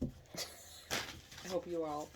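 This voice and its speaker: Low-voiced chatty woman reading tarot. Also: little pitch movement, very noisy. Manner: chatty, thinking aloud, quick to laugh. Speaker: tarot reader.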